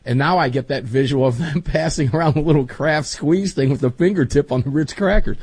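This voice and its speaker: A man's voice: a little high, a little fast, a little mellow, husky, no room sound. A man hosting a talk show in casual chat, folksy, rambling and enthusiastic.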